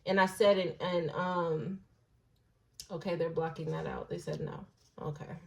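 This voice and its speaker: A woman giving a casual intuitive tarot reading, slangy and blunt, musing aloud and dropping into soft hushed asides. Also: lowish voice, steady tone, measured pace, creaky, rough recording. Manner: slangy and blunt, with occasional swearing. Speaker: tarot reader.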